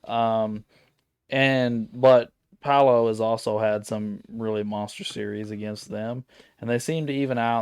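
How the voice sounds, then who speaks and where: A man's voice: mid-range voice, a little mellow, clear, resonant tone, dry recording, clean studio sound. A man co-hosting a casual sports chat, rambling with many fillers and restarts. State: sleepy, yawning. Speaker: podcast co-host.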